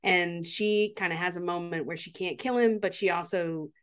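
A woman's voice: on the low side, normal speed, smooth. Enthusiastic woman retelling a film. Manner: enthusiastic, animated storytelling with acted-out quotes. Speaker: podcast co-host. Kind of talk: casual movie recap chat.

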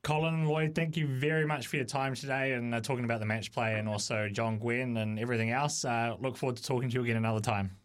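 A man's voice: mid-range voice, level tone, fast, hardly any pauses, clean tone, no echo, clean studio sound. A man hosting a radio show, asking a guest short, friendly questions. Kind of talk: radio interview.

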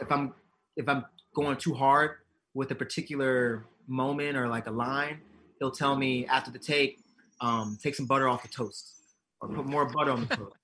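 A man being interviewed as an actor and comedian, telling stories with acted-out quotes and frequent laughs. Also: medium pitch. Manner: animated, acts out quotes, laughs often. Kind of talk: casual interview storytelling.

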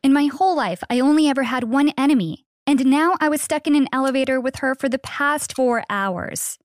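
A young woman telling a first-person story in an earnest, steady read. Her voice sits fairly high, and the recording is very dry and close with no room sound. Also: fairly quick, dry recording. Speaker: narrator.

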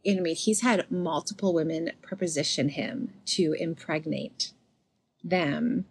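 With a deep voice over a faint hiss or hum, a young adult woman tells stories on a podcast she co-hosts. The talk is casual, lively and peppered with fast sarcastic asides.

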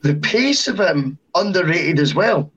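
A man's voice: on the high side, big pitch swings, a little slow, fairly bright tone, breathy edge, muffled recording. A man co-hosting a football podcast in casual chat, agreeable and analytical, weighing up points. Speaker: podcast co-host.

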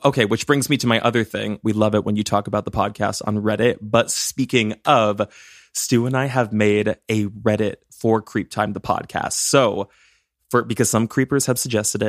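A man's voice: lowish voice, no room sound, clean studio sound. A man co-hosting a true-crime podcast, chatty and playful, laughing often. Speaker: podcast co-host.

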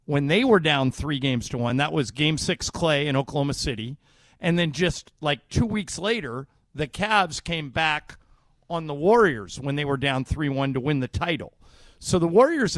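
A man's voice: on the high side, dry recording. A man co-hosting sports talk radio, arguing his view and building it up with statistics. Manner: argumentative, builds points with statistics. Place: radio studio.

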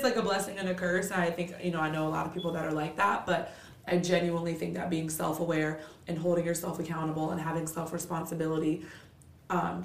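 A woman's voice: lowish voice, reverberant. A woman hosting a solo podcast, ranting in a candid, blunt, profane and motivational way, tired and with a stuffy nose. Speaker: podcast host.

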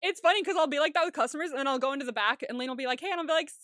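A young woman co-hosting a podcast in casual chat, chatty and quick to laugh, swearing casually. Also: sits high, a bit bright, a little hiss or hum. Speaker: podcast co-host.

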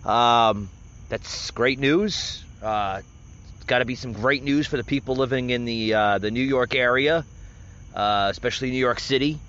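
A man's voice: medium pitch, normal speed, a bit bright. A man hosting a political podcast, rambling through casual commentary with many filler words and restarts. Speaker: podcast host. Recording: dull lo-fi recording.

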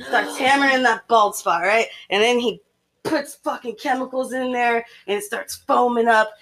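A young woman spins a gory horror tale for her friends in a slightly high voice. She talks loosely, packing her telling with "like" and "you know". She builds each grisly step with relish. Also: moderate pace, slight background noise. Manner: graphic, animated horror storytelling with lots of "like" and "you know". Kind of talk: casual storytelling among friends.

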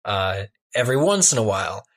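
A man's voice: lowish voice, big pitch swings, fairly quick, a bit bright. A man co-hosting a podcast in casual chat, rambling with frequent restarts and easy laughter. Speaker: podcast co-host.

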